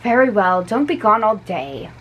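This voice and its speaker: A woman's voice: medium pitch, big pitch swings, normal speed, a bit bright, reverberant, recorded from a distance, dull audio, a little hiss or hum. A woman voicing Harold, a stern middle-aged father in a read-aloud story, curt and scolding.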